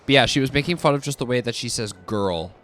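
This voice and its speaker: Over slight background noise, a young man with a medium-pitched voice chats quickly and casually while streaming a game. He's animated and rambling, giggling as he goes.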